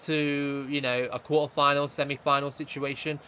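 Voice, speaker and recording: A young man streaming a football game, chatting with viewers and reacting loudly to the play, on a slightly dull lo-fi mic. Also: on the high side, little pitch movement, normal speed, slight background noise. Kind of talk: live gaming stream commentary.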